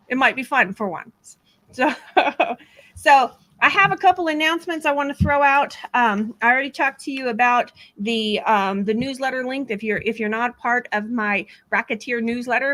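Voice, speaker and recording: A woman's voice: on the high side, sharp tone. A woman from Texas hosting a casual livestream, reading viewer comments aloud in a chatty way, laughing often and using many fillers. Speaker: true crime host.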